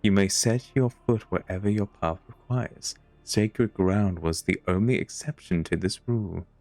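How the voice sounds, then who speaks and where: A man's voice: on the low side, a little mellow, no echo, faint music behind. A man voicing an aloof, haunted female alien seer from a video game, speaking formally. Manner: formal, measured speech. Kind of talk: reading game dialogue aloud.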